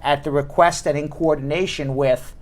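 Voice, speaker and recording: A man hosting a live talk show, telling stories in an animated, chatty way with quick asides. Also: on the high side. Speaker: host. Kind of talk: casual talk show banter.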